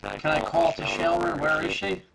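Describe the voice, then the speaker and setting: A man's voice: very high-pitched, huge pitch swings, moderate pace, gravelly, crowd noise, rough recording. A man playing in a tabletop game, unsure and asking questions. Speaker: player.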